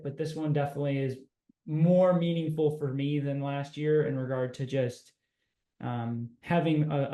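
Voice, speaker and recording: An energetic man hosting a casual podcast, chatting like an old friend. His voice sits a little high. The room gives it a noticeable echo. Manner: upbeat, energetic, says dude and bro. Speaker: podcast host. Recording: roomy echo.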